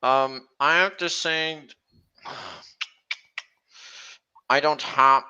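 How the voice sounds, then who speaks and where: Slow, halting man with a bright voice. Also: on the high side, fairly even intonation, clean tone, dull audio. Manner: halting, many restarts, slow and meandering. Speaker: streamer. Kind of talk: casual chat.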